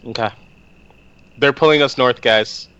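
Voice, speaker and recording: A man's voice: medium pitch, a little slow, fairly bright tone, highs cut off, a little hiss or hum. Man player, joking, teasing, casual. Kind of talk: casual tabletop play.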